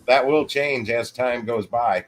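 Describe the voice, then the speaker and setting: A man hosting a casual livestream, rambling along with halting restarts. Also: mid-range voice, soft background music. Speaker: livestream host.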